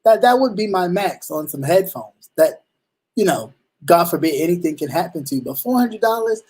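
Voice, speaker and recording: A man hosting a talk show in casual commentary, slangy and animated, acting out little exchanges, with halting restarts. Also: sits high, breathy edge. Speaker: show host.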